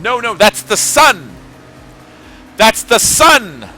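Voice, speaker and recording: Man doing a cartoon villain, exasperated, shouting down a phone line, lively pitch. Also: slow, a little hiss or hum, exaggerated voice.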